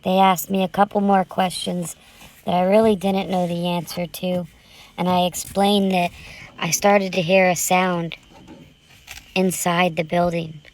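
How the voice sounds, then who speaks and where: Woman reading a scary story slow and tense, kinda low voice. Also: flat delivery. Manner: tense, urgent retelling. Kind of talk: dramatic first-person story reading.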